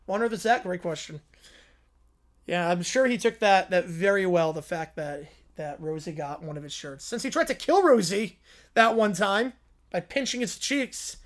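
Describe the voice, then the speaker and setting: A man's voice: sits high, normal speed. A young man hosting a livestream, chatting casually and reading viewer stories aloud with sarcastic, joking asides. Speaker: livestream host.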